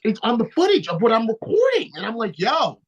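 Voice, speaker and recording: A man's voice: extremely high pitch, quick pace, muffled recording. A man co-hosting a wrestling podcast, telling stories in casual, profane banter. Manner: profane, animated storyteller.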